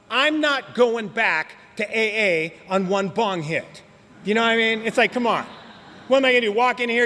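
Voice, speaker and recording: A man's voice: very high-pitched, animated, normal speed, pushed and bright. A man telling his story at a recovery meeting in a joking, slangy way, talking straight to the audience. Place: meeting hall. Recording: long hall reverb.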